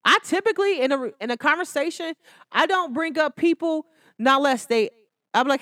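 Young woman podcast host, high and bright, sassy, animated, dry studio sound. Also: a little fast, no room sound. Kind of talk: casual solo podcast talk.

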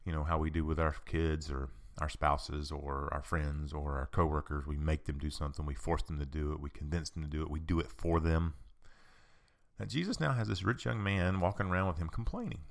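A man's voice: very deep voice, a little fast, vocal fry. A man hosting a podcast, giving a conversational teaching talk and repeating his points for emphasis. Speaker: podcast host.

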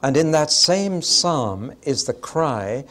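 A man's voice: fairly high pitch, lively intonation, slow pace, fairly bright tone. An older man, preaching a Bible teaching to his congregation in a conversational, explanatory way with bursts of dramatic emphasis.

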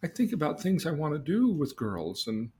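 A man's voice: fairly high pitch, very animated, moderate pace, dark tone, pitched above the performer's own voice. A man voicing a thirteen-year-old farm boy, eager and pleading as he tells a story.

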